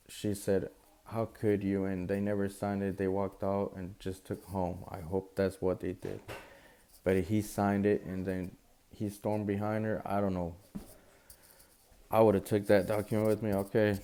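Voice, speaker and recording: Deep gravelly young man telling a story. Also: dark tone. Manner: casual, slangy retelling with quoted dialogue. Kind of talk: casual storytelling vlog.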